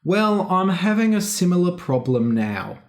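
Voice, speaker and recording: A podcast host with an Australian accent, tired and low on energy, reading a story aloud slowly and clearly for English learners, then talking to listeners. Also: sing-song, darkish tone. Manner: slow, deliberate and carefully clear.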